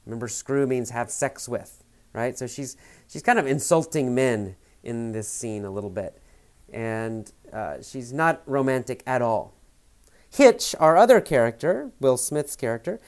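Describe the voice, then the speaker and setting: This man has a clean, mid-range voice as he explains a film scene to English learners. Retelling it bit by bit, he rephrases every idea more simply and leans on hesitant fillers.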